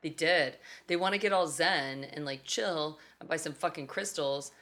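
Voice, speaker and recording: Animated, foul-mouthed woman co-host. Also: sits low, normal speed, hardly any pauses. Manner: animated, swears freely, jumps into funny voices. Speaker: podcast co-host. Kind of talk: casual chat.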